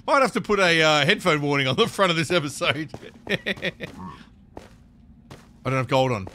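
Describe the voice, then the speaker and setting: A man commentating live gameplay, excitable and chattering to the creatures in his game. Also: fairly high pitch, measured pace, a little hiss or hum. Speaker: gaming streamer.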